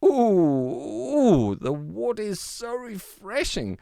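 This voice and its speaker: A man's voice: high-pitched, big pitch swings, slow pace, gravelly, mellow, no echo, studio quality, pitched above the performer's own voice, heavily acted. A man voicing a curious, brave young frog in a children's storybook. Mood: delighted. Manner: curious, eager questions.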